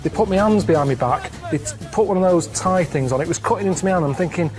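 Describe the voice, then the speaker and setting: A man telling rambling stories in a deadpan way during casual comedic chat on a radio show. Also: high voice, fast, over music.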